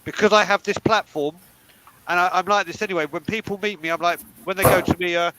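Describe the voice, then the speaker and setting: A man's voice: sits high, fairly even intonation, fast, sharp tone, a little hiss or hum, rough recording. A man co-hosting a podcast, talking bluntly and emphatically and swearing freely. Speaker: podcast co-host. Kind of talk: candid panel talk.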